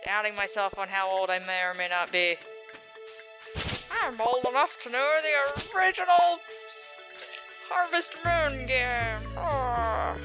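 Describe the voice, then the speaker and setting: A woman's voice: fairly high pitch, slow, poor audio. A young adult woman giving casual gaming commentary, chatty and rambling with a self-deprecating streak. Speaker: let's play gamer. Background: game music.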